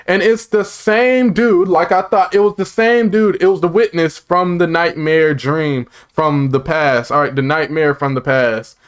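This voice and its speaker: A man casually recapping and reviewing a TV episode, rambling and excitable, with lots of filler words and side comments. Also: a little high, measured pace, few pauses, clear, resonant tone.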